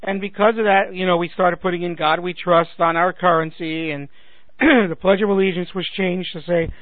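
Fighting a failing voice and clearing his throat, a talk radio host in his forties rants sarcastically at his "ladies and gentlemen" during a political monologue. His voice is high-pitched and steady at a moderate pace, with no echo and a dry, phone-like radio sound.

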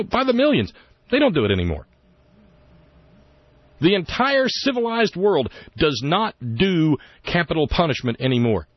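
A man's voice: fairly high pitch, dry recording, highs cut off. A man hosting a talk radio show, with wry, rambling opinion talk and sarcastic asides, at a studio microphone.

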